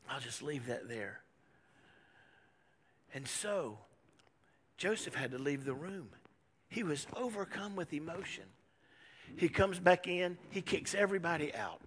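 Dramatic preacher with a long hall echo. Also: male voice, fairly high pitch, takes it slowly, long pauses, slight background noise. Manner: storytelling, dramatic swings from loud to hushed whisper. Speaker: pastor. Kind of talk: sermon.

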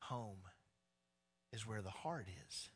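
A man's voice: fairly low pitch, lively intonation, takes it slowly, breathy edge, in a large hall. A male pastor preaching a sermon in an emphatic, conversational way, building points through repetition with frequent restarts.

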